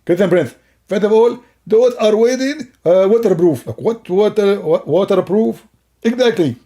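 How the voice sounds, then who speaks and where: A man's voice: high voice, moderate pace, warm tone, natural voice. A man voicing a boastful, dim-witted male caller who eagerly agrees with everything. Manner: eager, overconfident, repeats "exactly".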